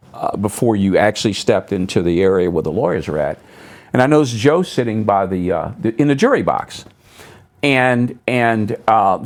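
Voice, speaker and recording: A creaky-voiced middle-aged pastor is a guest storyteller on a talk show filmed at a local public access TV studio. He brings the stories to life by jumping sharply higher to act out others' remarks and dipping low for asides.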